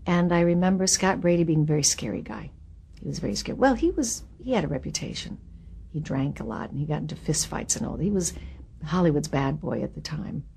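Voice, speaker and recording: A woman in her seventies, an actress being interviewed, recalling her career in a candid, wry way with lively asides. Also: low voice, a little fast, creaky, slight background noise. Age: 70s. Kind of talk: reminiscing interview.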